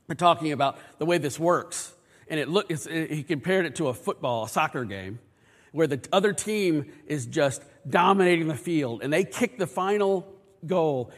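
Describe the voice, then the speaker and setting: Male pastor, mid-pitched, earnest and conversational, sermon recorded with long church reverb. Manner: conversational, earnest, frequent restarts. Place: church sanctuary.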